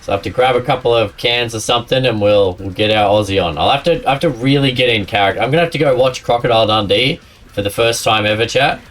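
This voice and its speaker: A man's voice: medium pitch, fast, a bit bright, recorded from a distance. A man streaming a game, chatting casually with his viewers and a friend, often laughing and rambling. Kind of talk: casual live-stream chat while gaming.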